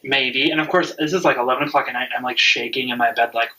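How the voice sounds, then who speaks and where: A man's voice: medium pitch, fairly even intonation, fast talker, bright, forceful tone, far from the mic, slight background noise, low-quality recording. A man in his twenties telling a personal story in casual chat, rambling and frank, swearing freely. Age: 20s. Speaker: vlog regular.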